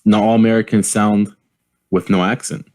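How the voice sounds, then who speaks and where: A man from Canada co-hosting a casual podcast, easygoing and quick to laugh. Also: on the low side, level tone, a little mellow. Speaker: podcast co-host. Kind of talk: casual chat.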